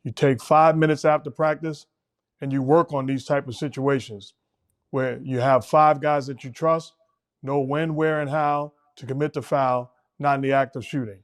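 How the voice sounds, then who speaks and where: A man's voice: medium pitch, steady tone, moderate pace. A middle-aged man hosting a casual basketball talk show, speaking emphatically and repeating words when he presses a point. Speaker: host, former coach.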